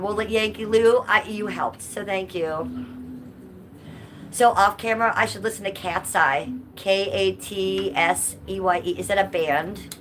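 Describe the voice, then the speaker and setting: A woman's voice: mid-range voice, steady tone, measured pace, fairly bright tone. A woman live streaming from home, chatting casually and answering her viewers' comments. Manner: chatty, reads chat aloud and answers viewers. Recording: noisy background.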